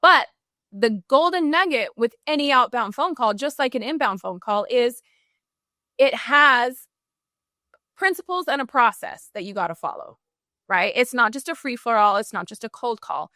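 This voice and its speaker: A woman speaking as a customer service trainer in a podcast interview, animated and full of "like" and "right?". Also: on the high side, moderate pace, no echo, clean studio sound.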